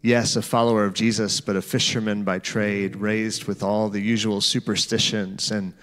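A man's voice: lowish voice, flat delivery, moderate pace, fairly bright tone. A man preaching a sermon, telling a story in guided imagery and speaking to the listeners as "you". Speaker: pastor.

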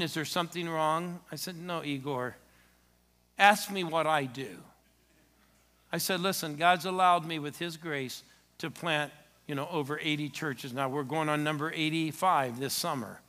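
A middle-aged man preaching a sermon in church, telling stories with sudden swings between loud exclamations and soft asides. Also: a little high, normal speed. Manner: animated storytelling with sudden loud and soft turns. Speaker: pastor.

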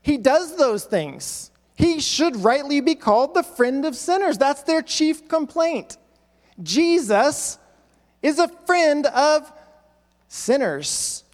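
Pastor preaching in an echoing hall. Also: male voice, very high voice, very animated, slow. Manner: preaching with dramatic quoted voices and emphatic repetition. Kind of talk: sermon.

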